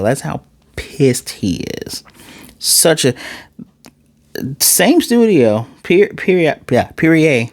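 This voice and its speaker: A man giving a casual, animated recap of an anime episode, swearing freely and restarting his phrases as he goes. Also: medium pitch, no echo. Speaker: anime reviewer.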